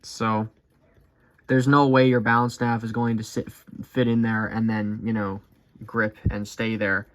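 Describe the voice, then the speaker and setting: A man's voice: on the low side, flat delivery, unhurried, a bit bright. A man hosting a clock repair video, explaining his workbench fix in a casual, rambling way, often correcting himself as he thinks aloud. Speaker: clock repair channel host.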